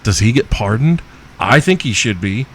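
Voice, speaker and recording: A man's voice: medium pitch, very animated, moderate pace, slight background noise. A man hosting a podcast, answering listener questions in a crude comedic rant, profane and joking with frequent chuckles. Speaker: podcast host.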